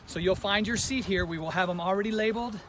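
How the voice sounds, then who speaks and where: Out on a school's sports field, a man who works as a school administrator speaks fast in a high, slightly bright voice, a bit winded as he walks and explains steps for a walkthrough video. He's chatty and uses many fillers, and the phone recording is noisy.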